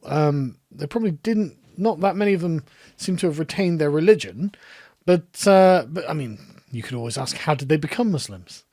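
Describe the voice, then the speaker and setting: An online commentator scoffs at a video clip with sarcastic, mocking remarks, laughing at his subject. His voice is on the high side, recorded at studio quality with no echo.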